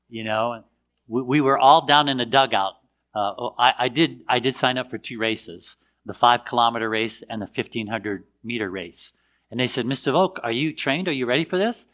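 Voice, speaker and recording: Older man, bright voice, animated storyteller who mimics others. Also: mid-range voice. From United States. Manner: animated, acts out voices of others in his anecdotes. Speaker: speaker telling a personal story. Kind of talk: casual storytelling talk.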